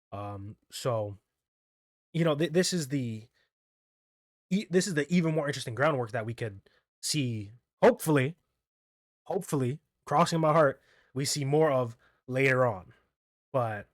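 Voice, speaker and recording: A man's voice: medium pitch, dry recording, clean studio sound. A man casually recapping manga chapters as a reviewer, rambling, correcting himself often and chuckling as he goes.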